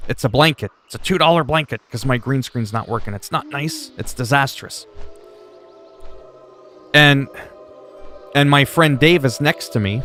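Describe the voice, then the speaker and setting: A man's voice: mid-range voice, normal speed, long pauses, bright, forceful tone, soft background music. A man hosting a casual gaming livestream, rambling through funny stories and swearing freely. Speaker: livestream host. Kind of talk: casual gaming stream chat.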